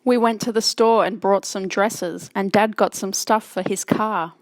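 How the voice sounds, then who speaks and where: A woman voicing a gentle young mother soothing her son in an audiobook, in a soft, reassuring manner. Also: medium pitch, steady tone, measured pace, no room sound, close to an everyday voice.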